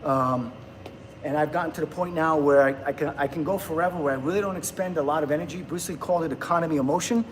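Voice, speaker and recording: A man's voice: fairly high pitch, quick pace, a little hiss or hum. A man in his fifties from the United States, chatting casually on a livestream and answering viewer comments in an upbeat way. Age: 50s.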